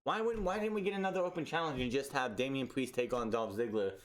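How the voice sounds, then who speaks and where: A man's voice: mid-range voice, fast. A man reviewing a wrestling show in a casual, exasperated, sarcastic rant full of restarts.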